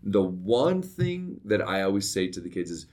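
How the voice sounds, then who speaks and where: Deep-voiced man telling stories. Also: normal speed, soft background music. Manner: storytelling, animated when recounting, often asks "right?". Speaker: podcast co-host. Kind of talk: casual conversation.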